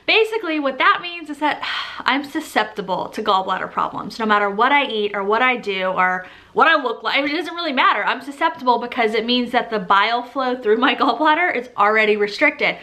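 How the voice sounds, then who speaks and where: A woman's voice: fairly high pitch, bright, forceful tone. A pregnant young woman giving a casual, rambling vlog update, laughing often as she talks. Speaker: vlogger.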